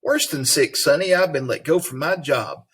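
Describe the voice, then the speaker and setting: A man reading aloud as a worried, earnest working mother from a storybook, his voice raised and husky. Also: a little high, lively intonation, moderate pace, a bit bright.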